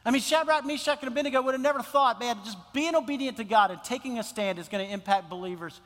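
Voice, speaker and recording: A man's voice: extremely high pitch, fast talker, fairly bright tone, in a large hall. A male pastor preaching a sermon in a church, impassioned and repeating phrases for emphasis. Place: church sanctuary.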